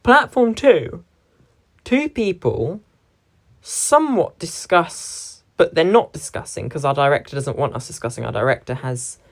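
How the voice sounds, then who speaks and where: A young woman with a low voice talks through how lines in a scene are divided between performers. She stops to quote lines and presses hard on single words. Her tone stays thoughtful and analytical. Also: darkish tone. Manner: analytical, stresses key words when quoting lines. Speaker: drama performer. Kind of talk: reflective talk about a stage scene.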